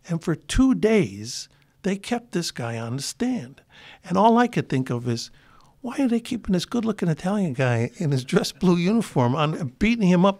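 An older man, a guest in an interview, telling long rambling anecdotes full of restarts. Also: fairly high pitch. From Chicago. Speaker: guest actor. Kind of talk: relaxed interview storytelling.

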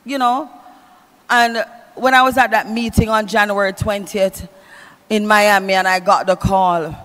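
A woman's voice: medium pitch, fairly bright tone. A woman preaching a funeral eulogy in a church, reading scripture in a sing-song preaching cadence and calling out to the congregation. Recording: long church reverb with music.

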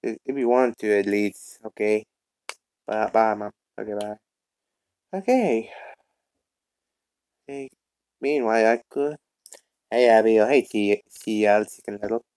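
A young man dubbing a fan comic and reading every part himself, with stumbling, halting lines and many restarts. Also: fairly low pitch, fairly even intonation, a little mellow, clear, resonant tone, no echo. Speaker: voice actor doing all the parts.

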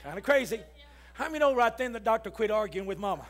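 Male pastor, high voice, storytelling sermon with shouted calls to the congregation. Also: sing-song, fast talker. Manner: storytelling preacher, rising to shouts, call-and-response with the congregation. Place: church.

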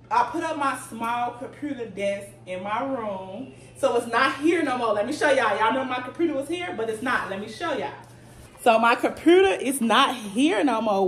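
A woman, chatting casually to viewers as she shows off home decor finds, recorded at home. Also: on the high side. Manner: chatty, addresses viewers as y'all. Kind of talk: casual haul vlog. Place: home, indoors. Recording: echoey room, mic at a distance, noisy.

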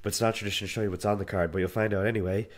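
A man with a sick, hoarse voice hosting his own podcast in casual talk, swearing and running himself down. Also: fairly low pitch, level tone, very fast. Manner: self-deprecating, swears casually. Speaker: podcast host. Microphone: podcast mic.

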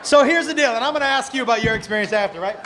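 A middle-aged man doing loud, profane, animated stand-up comedy in a comedy club, speaking into a handheld mic. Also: extremely high pitch, racing, a crowd in the background, noisy background. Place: comedy club stage before a live audience.

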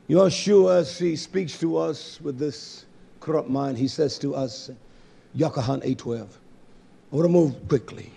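A man preaching a sermon, bluntly scolding, repeating lines for stress and swinging from soft low talk to loud shouting. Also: measured pace, creaky, slightly rough. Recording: live-streamed service.

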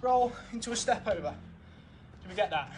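Out of breath, a young football coach with a high voice leads a session outdoors in a garden, talking a little fast. He keeps the encouragement steady and counts each drill down, while the camera mic catches a faint outdoor hum.

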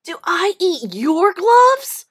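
Storybook kid: woman playing a pleased, reasonable boy, raised pitch, unhurried. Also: huge pitch swings, a bit bright, dry recording, clean studio sound, heavily acted. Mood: reasoning. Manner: reasonable, contented. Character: calm schoolboy who eats chocolate, boy.

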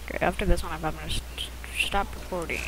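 A casual first-time gamer rambles through their own match, with muttered asides and self-conscious apologies. The voice has a gravelly fry, and the lips sit close enough to bump the mic. A clear hiss of noise runs under this home recording. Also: medium pitch, steady tone, fast. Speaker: gamer commentating own play. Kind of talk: casual gameplay commentary.

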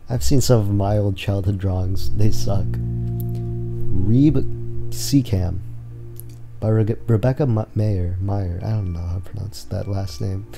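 A man giving soft-spoken, emotional let's-play commentary while reading titles aloud. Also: lowish voice, steady tone, moderate pace, creaky, over music. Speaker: gamer playing through a game.

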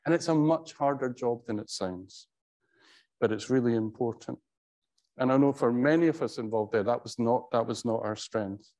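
Speaking in a mellow, mid-range voice, a middle-aged professor delivers a tribute built on anecdotes. He talks conversationally and haltingly, often restarting, with a wry storytelling touch.

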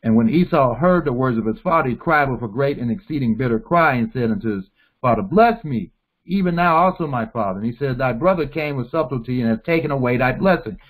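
A man reading Bible verses aloud and pausing to explain them in his own words. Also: mid-range voice, lively intonation. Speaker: Bible teacher. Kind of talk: scripture reading with commentary. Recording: tinny phone-like sound.

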